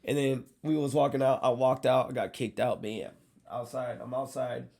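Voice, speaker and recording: Gravelly man telling a wild story. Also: mid-range voice, moderate pace. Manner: animated, profane, acts out quotes. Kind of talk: casual storytelling.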